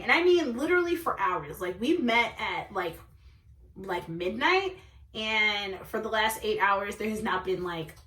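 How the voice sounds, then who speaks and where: A young woman telling a dating story in a storytime vlog, animated and laughing often. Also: medium pitch, echoey room, distant mic. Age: young adult. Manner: animated, laughs often, says okay and like a lot. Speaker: vlogger.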